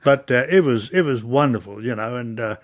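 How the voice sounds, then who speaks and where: A man's voice: mid-range voice, a little fast. Chatty older Australian man. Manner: chatty storyteller, acts out dialogue. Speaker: interviewee. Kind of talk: oral history interview.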